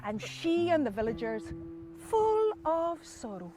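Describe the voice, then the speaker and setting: Crafty hot-tempered Scottish villager, as a woman storyteller puts him on, high voice, sly excuses. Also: big pitch swings, takes it slowly, dark tone, soft background music, heavily acted. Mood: sly justifying. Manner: sly, self-justifying.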